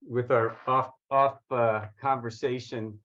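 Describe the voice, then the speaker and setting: A man's voice: mid-range voice, fairly even intonation, takes it slowly, fairly bright tone, lo-fi sound. A man co-hosting a podcast, responding in a thoughtful, somewhat hesitant way. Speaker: podcast co-host. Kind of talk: political discussion.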